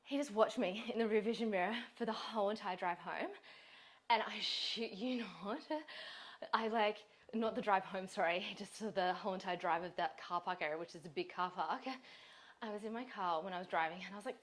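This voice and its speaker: A woman, a fitness coach and host, telling a story in casual chat, animated, laughing often and swearing freely. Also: medium pitch, normal speed.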